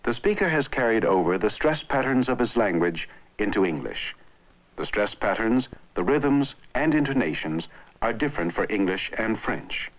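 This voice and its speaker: Brief: male narrator, low, animated delivery, muffled old film sound. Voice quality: clear, measured explaining. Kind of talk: scripted educational narration.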